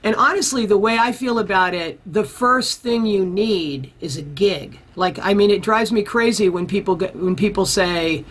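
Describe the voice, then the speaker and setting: A man's voice: high-pitched, moderate pace, few pauses. A man being interviewed about his music career, telling a long story in a casual, rambling way and acting out the people he quotes. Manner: animated storyteller who acts out the people he quotes; rambling, with many restarts.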